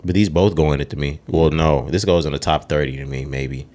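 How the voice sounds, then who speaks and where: Deep-voiced man ranking albums. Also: a little fast, a little mellow. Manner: opinionated, swears freely, runs down a list. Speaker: podcast co-host. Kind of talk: casual chat.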